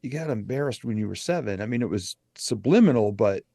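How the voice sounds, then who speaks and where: A man's voice: fairly low pitch, expressive, brisk, vocal fry, mellow, dry recording, studio quality. A middle-aged man, a motivational speaker, telling a candid personal story as an interview guest.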